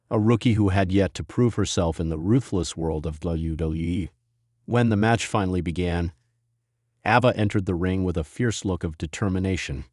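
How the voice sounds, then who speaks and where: A man reading a dramatic written story as narrator, in an even storytelling manner. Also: low voice, dry recording, studio quality.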